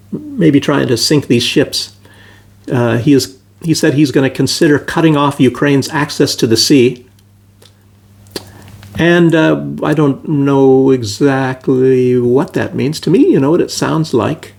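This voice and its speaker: Male political commentator, gravelly, mid pitch, rambling off-the-cuff monologue. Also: a little mellow. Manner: rambling, many fillers and restarts. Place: Belarus.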